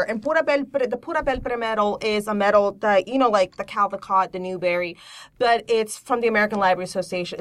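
A woman's voice: mid-range voice, a bit bright. A woman from Puerto Rico giving a chatty, casual show-and-tell talk about children's books, with many fillers. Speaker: children's book presenter.

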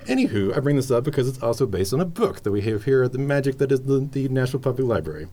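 A man's voice: mid-range voice, big pitch swings, racing, warm tone. A man hosting a casual library podcast, chatting in a rambling, enthusiastic way full of fillers. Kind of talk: casual chat.

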